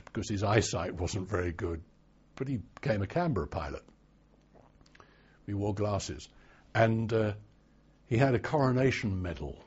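An older man looks back in an oral history interview, unhurried and wry. His low voice is gravelly and a little husky. The recording sounds dull and lo-fi. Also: big pitch swings, a little mellow. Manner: slow, wry storytelling.

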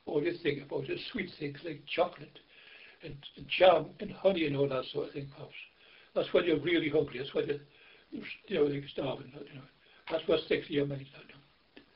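Older British man, halting army memories. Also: on the high side. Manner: rambling, halting, peppered with "you know". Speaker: interviewee recalling army service. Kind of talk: oral history interview. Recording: dull lo-fi recording.

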